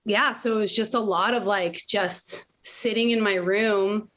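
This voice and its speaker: A woman's voice: medium pitch, measured pace. A woman in her late thirties talking candidly and animatedly as a podcast guest, swearing now and then. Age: 30s. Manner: candid, animated storytelling, swears, laughs often. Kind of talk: casual conversation.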